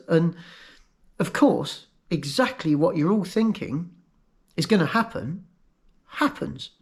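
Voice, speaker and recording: A man telling his own story in a halting, emotional way, often repeating words. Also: high voice. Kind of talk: personal storytelling.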